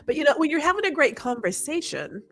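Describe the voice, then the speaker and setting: A woman hosting a podcast, talking in a chatty, animated way and reading out viewer comments. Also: high voice, fast talker, faint music behind. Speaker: podcast host. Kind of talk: casual interview chat.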